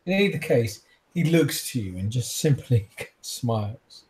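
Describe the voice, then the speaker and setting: A man's voice: medium pitch, animated, a little slow, darkish tone. A man running a tabletop game as game master, describing scenes with frequent fillers. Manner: descriptive, laughs often, hesitant fillers.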